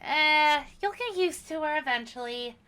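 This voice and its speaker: A woman's voice: sits high, lively intonation, a little slow, pushed and bright. A woman playing her character in a tabletop game, playful and giggly. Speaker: player. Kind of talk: tabletop role-play.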